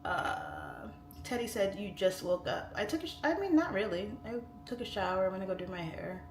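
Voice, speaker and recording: A woman's voice: medium pitch, very animated, normal speed, a little hiss or hum. A woman hosting a casual live stream from home on a phone, rambling chattily and reading viewer comments aloud. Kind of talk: casual livestream chat. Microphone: phone on its side. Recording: echoey room with faint music.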